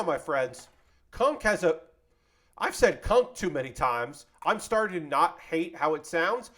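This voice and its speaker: A man chatting casually with his live-stream audience while building a model kit, rambling and joking as he goes. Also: high-pitched. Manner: rambling, animated, jokey, talks to chat.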